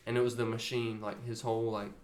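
A man's voice: fairly low pitch, fast. A man telling a funny story in casual chat, full of fillers. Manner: animated storyteller, laughs along, filler-heavy. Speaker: podcast guest. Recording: roomy echo.

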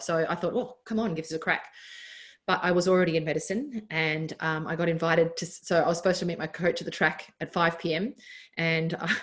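An Australian woman in her thirties, a doctor and former athlete, talking candidly as a podcast guest with frequent laughs and restarts. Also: low-pitched. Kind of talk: casual interview chat.

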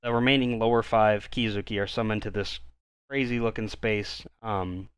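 A man with a lowish, smooth and resonant voice walks through an anime episode in a relaxed, easygoing way. The recording is close and dry. He sounds like a co-host chatting with a friend. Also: moderate pace, no room sound. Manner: laid-back, relaxed retelling of plot with fillers and mild swearing. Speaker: podcast co-host. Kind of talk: casual anime recap chat.

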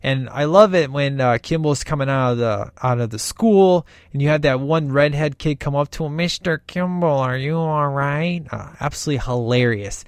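A man chatting about a film in a loose, enthusiastic ramble, full of ums and asides. His voice sits at an ordinary middle pitch. The sound is dry and close, with no room around it. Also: a little fast, hardly any pauses, no echo. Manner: rambling and enthusiastic, many fillers. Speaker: podcast host reviewing a film. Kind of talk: casual movie commentary.

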